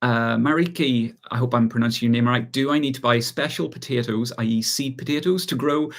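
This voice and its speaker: A man with an Irish accent hosting a relaxed live chat, reading out viewer questions and answering them with easy laughs. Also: medium pitch, brisk. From Ireland. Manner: relaxed, chatty, reads out viewer comments and laughs often. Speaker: gardening channel host.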